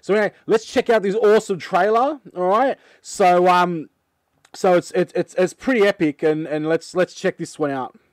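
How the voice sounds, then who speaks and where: An Australian man hosting his gaming channel, chatting casually with lots of fillers and excited outbursts. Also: high-pitched, moderate pace. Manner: rambling, filler-heavy and excitable. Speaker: channel host. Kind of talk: casual chat reacting to a game trailer.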